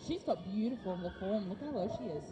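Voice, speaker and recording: A woman's voice: mid-range voice, animated, fairly quick, lo-fi sound. A woman giving chatty, laughing colour commentary on a roller derby bout. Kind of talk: live sports colour commentary.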